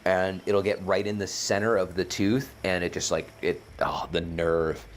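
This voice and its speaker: A man's voice: low-pitched, steady tone, moderate pace, a little hiss or hum. A man hosting a casual gameplay livestream, rambling and thinking aloud, often correcting himself mid-sentence. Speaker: streamer, game host.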